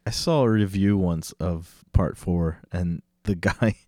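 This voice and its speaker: A man's voice: low-pitched, measured pace, warm tone, no room sound, clean studio sound. A man co-hosting a podcast in casual chat, rambling, restarting and laughing often. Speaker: podcast co-host.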